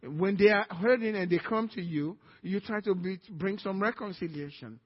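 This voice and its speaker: A male pastor with a Nigerian accent preaching a sermon, animated, acting out little dialogues as he teaches. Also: sits high, normal speed, slightly rough, big-room sound. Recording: dull lo-fi sermon recording.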